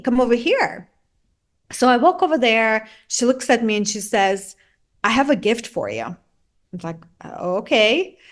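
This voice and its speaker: Woman telling a vivid personal story. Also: on the high side. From immigrant to the United States. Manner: vivid storytelling, acting out her own past remarks. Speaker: guest. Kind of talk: personal testimony in a podcast interview.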